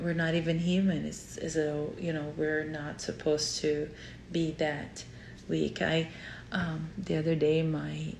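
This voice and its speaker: A woman therapist with a Brazilian Portuguese accent speaks in a lower, husky-edged voice full of vocal fry. She teaches with heartfelt earnestness and repeats key phrases for weight. The sound carries a noticeable room echo. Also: slight background noise. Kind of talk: teaching talk to camera.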